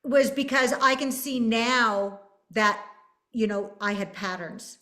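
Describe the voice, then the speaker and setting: A woman hosts a podcast interview in a fairly high voice. She sounds eager and affirming, with a coaching tone and quick asides. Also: a bit bright. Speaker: podcast host. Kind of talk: conversational interview.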